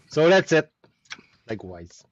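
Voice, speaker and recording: Hosting his weekly chat stream, a French Canadian-accented man spins an animated story in casual conversation, repeatedly starting over. His voice leans high, and the rough recording carries a little hiss or hum.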